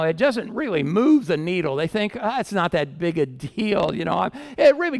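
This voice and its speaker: A male pastor preaching in a sermon, his fairly high voice rising and falling with great animation. There is a gravelly rasp in his tone, and he swings between loud emphasis and hushed asides. His voice carries through a church hall with a long reverb.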